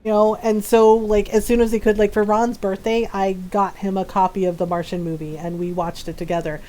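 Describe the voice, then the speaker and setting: A woman's voice: medium pitch, flat delivery, a little fast, dark tone, soft background music. A woman streamer in casual chat on a live stream, telling an anecdote and laughing often as she acts out what people said. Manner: chatty storyteller, laughs often, acts out quotes. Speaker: game streamer.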